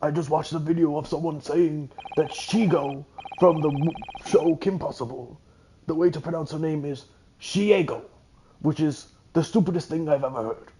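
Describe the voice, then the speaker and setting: A man's voice: fairly high pitch, normal speed, warm tone, slight background noise, rough recording. A man streaming a game, talking in an offhand, joking way and swearing now and then. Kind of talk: casual let's-play commentary.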